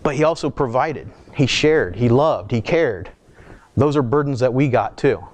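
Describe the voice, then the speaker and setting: A man's voice: medium pitch, moderate pace, a little hiss or hum. A man delivering a sermon in a conversational style, reading scripture aloud with asides and restarts. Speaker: preacher.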